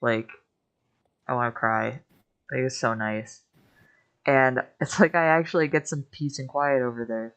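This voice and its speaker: A woman's voice: very deep voice, fairly even intonation, a little slow, pauses often, smooth. A young woman chatting casually while playing a game, laughing often and yawning from lack of sleep. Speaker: streamer co-host. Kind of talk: casual chat while gaming.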